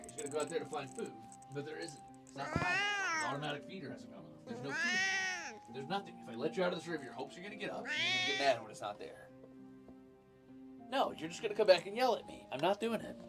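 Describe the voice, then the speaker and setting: Streaming from a room in his home, a man chats casually while he draws, swearing freely and teasing his cat in coaxing baby-talk. His voice is a little high and gravelly.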